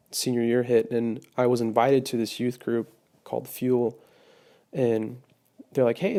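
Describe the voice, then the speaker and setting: A young man sharing a personal testimony, hesitant, with many pauses and restarts. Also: mid-range voice, vocal fry, dark tone. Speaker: testimony speaker.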